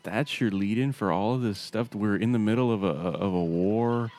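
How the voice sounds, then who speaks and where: A man's voice: fairly low pitch, normal speed, a little mellow, slight background noise. A man co-hosting a casual chat, talking loosely, laughing easily and reading items off a list. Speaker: podcast co-host.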